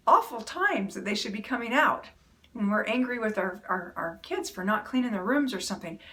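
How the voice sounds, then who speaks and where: A woman's voice: fairly high pitch, fairly bright tone. A middle-aged woman speaking earnestly to camera, giving encouraging, plain-spoken self-help advice. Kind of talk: motivational talk to camera.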